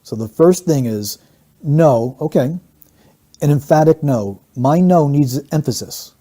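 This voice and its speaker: This man's voice sits fairly high and sounds expressive and mellow, moving at a measured pace. He's teaching statement analysis, working step by step through an interview clip and repeating key phrases to stress them in his explanatory breakdown.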